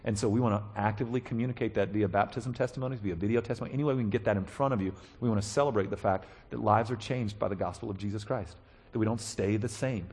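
A male pastor preaching a conversational sermon, animated, checking in with his listeners and acting out quoted voices. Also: lowish voice, quick pace, husky.

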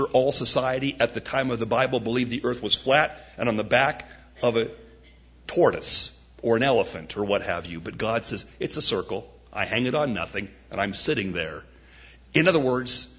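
A male pastor preaching a sermon, acting out Bible quotes with a sudden lift in pitch and loudness. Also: animated, unhurried, husky. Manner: dramatic, voices Bible quotes with rising pitch and volume. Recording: dull lo-fi sound.

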